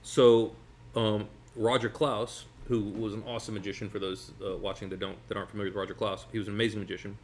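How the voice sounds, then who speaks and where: Man, magician guest, quick rambling storyteller, lowish voice. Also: a little hiss or hum. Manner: rambling, animated, many restarts. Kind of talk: casual storytelling chat. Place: sitting at a table over food.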